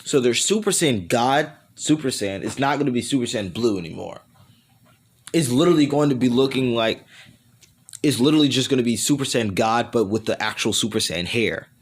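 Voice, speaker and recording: A man telling a homemade story off the top of his head, his pitch rising and falling in a lively, animated way. He restarts sentences, corrects himself mid-thought, and keeps a loose, casual tone. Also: fairly quick, slightly rough. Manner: rambling, self-correcting, laughs at himself. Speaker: fan storyteller. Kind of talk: casual improvised narration.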